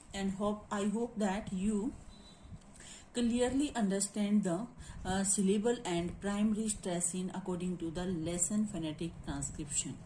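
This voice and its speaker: A woman teaching a phonetics lesson, spelling out words letter by letter and often asking whether it is clear. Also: mid-range voice, dark tone, a little hiss or hum. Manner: slow, spells out letters and syllables, repeats checks. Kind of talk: classroom lecture on phonetics.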